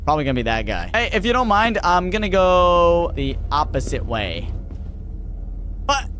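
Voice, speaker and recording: A man doing jokey, excitable let's-play commentary as a gaming YouTuber, reacting loudly. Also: high-pitched, moderate pace, slight background noise.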